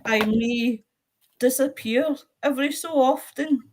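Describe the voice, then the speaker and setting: A woman's voice: sits high, a little slow, darkish tone. A woman from Scotland co-hosting a casual live-stream chat about films over a home video call. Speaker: co-host of a film chat stream.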